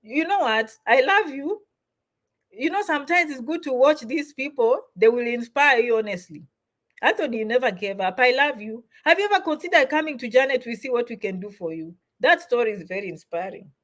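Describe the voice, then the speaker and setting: Middle-aged woman, livestream host, slightly high voice, repetitive and encouraging. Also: animated, a little fast, fairly bright tone. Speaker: host answering viewer comments. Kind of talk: livestream Q&A chat.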